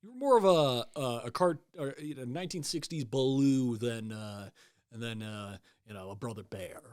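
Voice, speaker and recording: A man's voice: medium pitch, expressive, normal speed, a little mellow, no echo, clean studio sound. Wry man trading podcast banter. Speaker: podcast co-host.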